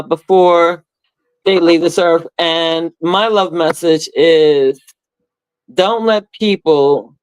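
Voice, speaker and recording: A woman hosting a podcast in casual chat, talking in animated, playful bursts. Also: on the low side, clean tone, no room sound, rough recording. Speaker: podcast host.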